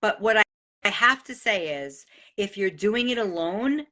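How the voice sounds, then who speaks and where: An excitable middle-aged woman talks straight to her viewers, her voice bright and forward. She swears freely as she hands out life advice, and she does not hold back. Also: mid-range voice, unhurried. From New York. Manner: excitable, animated and profane. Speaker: host sharing life advice. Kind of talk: casual motivational monologue.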